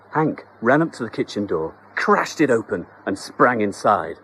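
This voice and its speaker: A man narrating a children's story in a scripted, expressive, comic storytelling manner. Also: on the low side, moderate pace, hardly any pauses, a little hiss or hum, rough recording.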